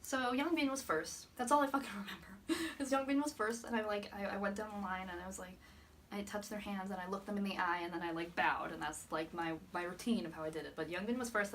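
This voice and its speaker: A woman's voice: mid-range voice, quick pace, fairly bright tone, recorded from a distance, a little hiss or hum. A young woman recapping a fan meet in a vlog, gushing, swearing a lot and laughing often. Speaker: vlogger.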